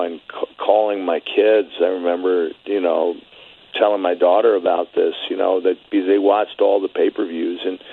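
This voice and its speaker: A middle-aged man telling a story as an interview guest, halting with many restarts. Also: deep voice, gravelly. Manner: halting, many restarts, grows quiet and shaky when emotional. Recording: phone-line audio.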